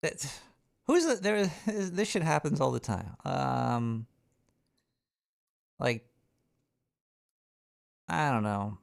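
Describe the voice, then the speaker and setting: A man's voice: medium pitch, expressive, drawn-out words, vocal fry, pauses often. A man hosting a talk show, ranting in a rambling, profane way with frequent stammering and restarts. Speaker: radio show host.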